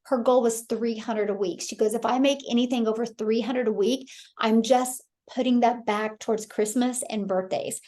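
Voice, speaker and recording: A woman's voice: on the high side, steady tone, moderate pace, few pauses, warm tone. A woman in her thirties from Kansas hosting a live webinar, telling a story with enthusiasm and often addressing her audience as "you guys". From Kansas, USA. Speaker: host. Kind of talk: live webinar sales talk.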